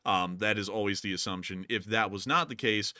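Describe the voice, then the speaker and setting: A rambling man hosts a live stream and answers viewer questions, full of ums and folksy sign-offs. His voice sits low but comes across bright and forceful. The sound is dry and close. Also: a little fast, no echo. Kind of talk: casual live-stream commentary.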